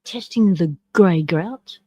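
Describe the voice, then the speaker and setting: A chatty woman hosting a live stream, with a soft, mellow tone. She mutters her way through the stream software and chats along with a video. The sound is close and dry, with no room around it. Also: fairly low pitch, slow pace, dry recording, rough recording. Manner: chatty, talks to herself while running the stream software; reads along with and comments on a video. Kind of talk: casual live-stream chat.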